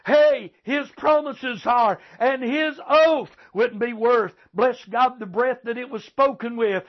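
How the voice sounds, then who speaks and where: A man's voice: very high-pitched, lo-fi sound. A man preaching a sermon with fervent, repetitive, emphatic delivery.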